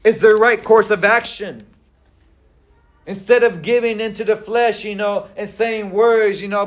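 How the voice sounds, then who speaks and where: A middle-aged man preaching a sermon in a conversational way, with frequent fillers and pauses. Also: sits high. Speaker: pastor.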